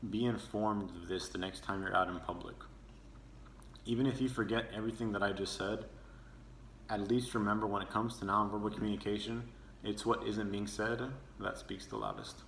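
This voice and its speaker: A man's voice: lowish voice, steady tone, normal speed, vocal fry, fairly bright tone, slight background noise. Young man giving an echoey class speech. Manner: earnest, demonstrating with his own tone. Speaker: student speaker. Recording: echoey room with faint ambience.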